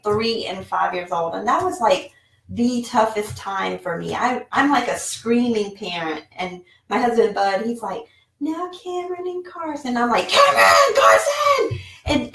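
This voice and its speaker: A woman's voice: mid-range voice, distant mic. Chatty woman in an echoey home office. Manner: chatty, rambling, with many fillers. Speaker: online seller and vlogger. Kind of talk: casual talking-head vlog. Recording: roomy echo, mic set back.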